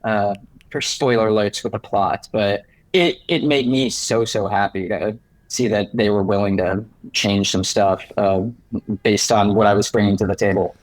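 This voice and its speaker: A man's voice: on the low side, steady tone, normal speed, no room sound, rough recording. A young man, an actor guest on a podcast, chatting in a bubbly way and laughing often. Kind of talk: casual interview chat.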